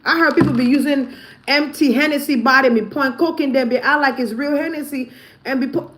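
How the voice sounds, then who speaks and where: A woman's voice: high-pitched, a little fast, fairly bright tone. A woman vlogger giving blunt, profane gossip commentary, often breaking into laughter. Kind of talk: casual commentary.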